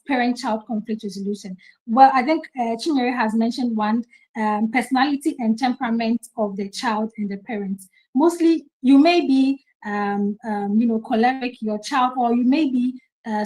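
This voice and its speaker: Woman hosting a parenting panel, kinda high voice, lots of ums. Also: a little mellow, poor audio. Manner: hesitant, many fillers. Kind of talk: livestream panel talk.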